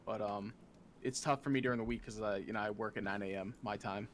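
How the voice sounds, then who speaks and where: A man's voice: fairly low pitch, fairly even intonation, fast, a little hiss or hum. A man with an American accent joking and teasing while playing a co-op game on stream. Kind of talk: casual co-op gaming chat. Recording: game music underneath. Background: game music.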